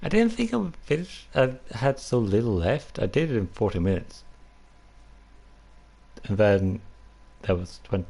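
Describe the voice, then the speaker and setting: Male streamer, low voice, slow, rambling chat, self-conscious, apologetic. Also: sing-song, vocal fry, dark tone, breathy edge. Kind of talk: casual live-stream chat.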